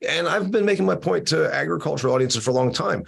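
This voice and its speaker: A man's voice: a little high, animated, fast talker, vocal fry, breathy edge. A man hosting an opinionated discussion over a video call, emphatic and teasing, with many restarts. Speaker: podcast host.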